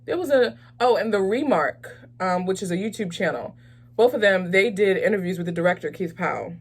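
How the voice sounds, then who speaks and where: Chatty, animated woman reviewing a movie. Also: medium pitch. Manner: animated, enthusiastic, chatty with many fillers. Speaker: host of a movie review channel.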